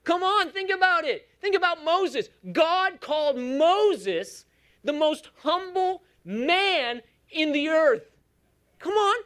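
High, lively woman preaching a sermon. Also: slow. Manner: emphatic, coaxing the congregation.

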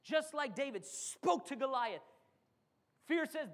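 A man's voice: extremely high pitch, animated, measured pace, fairly bright tone. A man preaching a sermon as pastor, acting out quotes and calling for amens from the congregation. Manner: preaching with dramatic acted quotes and call-and-response.

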